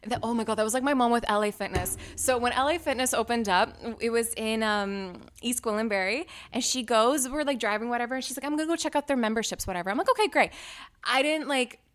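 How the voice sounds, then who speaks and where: Soft-spoken young woman, higher voice. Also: quick pace, hardly any pauses. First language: Polish. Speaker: podcast co-host. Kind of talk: casual chat.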